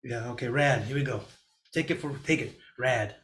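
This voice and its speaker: A middle-aged man gives an energetic, motivational real estate lesson over a video call. His voice sits in a middle pitch, and he jumps into a raised, anxious tone when he acts out panicked clients before settling back down. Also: moderate pace, crowd noise. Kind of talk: motivational class talk.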